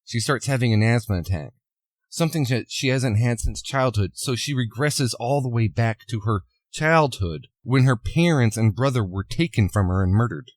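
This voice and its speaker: A man's voice: medium pitch, no echo, clean studio sound. A man giving an opinion monologue, retelling a film scene in a preachy, sarcastic way. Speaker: commentator.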